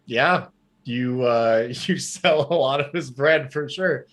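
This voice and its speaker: Male game master, casual rambling narration, bright tone. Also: mid-range voice, slow. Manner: casual, filler-heavy narration.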